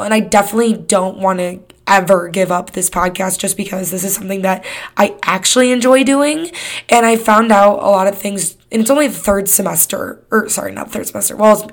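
A woman of twenty-one hosting her own podcast, talking in a candid, rambling way and swearing often. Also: medium pitch. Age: 20s. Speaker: podcast host. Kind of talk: casual solo podcast chat.

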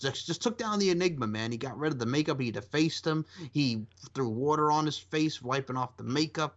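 Man, casual podcast host, rambling and animated, medium pitch, dull lo-fi audio. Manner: animated, rambling, swears and laughs often. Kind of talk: casual chat. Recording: dull lo-fi sound.

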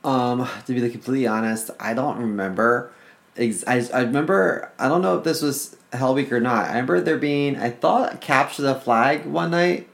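A man's voice: mid-range voice, normal speed, creaky, fairly bright tone. Hesitant young man recalling events. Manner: hesitant, full of fillers. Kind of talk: casual chat.

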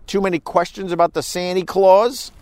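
A man hosting a live stream, chatting casually and telling stories in a rambling, animated, profane way. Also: sits high, moderate pace, clean tone, no echo.

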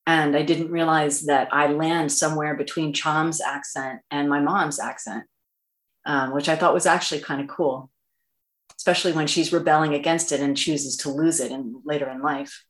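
A middle-aged woman, a voice actress, answering interview questions in an earnest, halting way with many fillers and restarts. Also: deep voice, steady tone. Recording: roomy echo.

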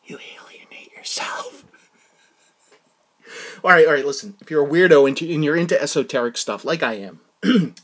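A man hosting a casual film-review talk, excitable and rambling, slightly out of breath. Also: medium pitch. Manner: excitable, rambling, breaks into laughter. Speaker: podcast host reviewing a film. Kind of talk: casual monologue.

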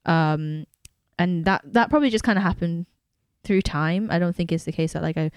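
A woman's voice: lowish voice, moderate pace, hardly any pauses, clear, resonant tone, no echo. A woman with a Filipino English accent, co-hosting a casual podcast chat, talking in a reflective, rambling way with many fillers. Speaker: podcast co-host.

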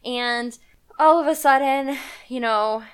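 A woman's voice: high voice, takes it slowly, clean tone. A woman casually retelling a movie plot in a podcast chat, talking in a loose, rambling way with lots of fillers. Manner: chatty storytelling with frequent fillers and laughs.

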